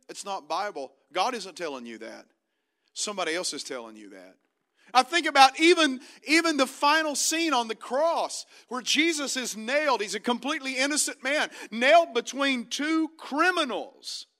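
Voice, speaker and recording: A man preaching a sermon, retelling stories with dramatic swings between loud emphasis and hushed, quiet quoted lines. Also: very high-pitched.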